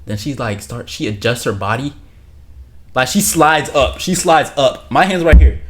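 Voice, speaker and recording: A young man telling a story from his own life as a streamer, rambling, slangy and repeating himself, sometimes dropping to a hushed low voice. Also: expressive, normal speed. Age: young adult. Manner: drops to a hushed low voice for spicy parts. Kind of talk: casual storytelling.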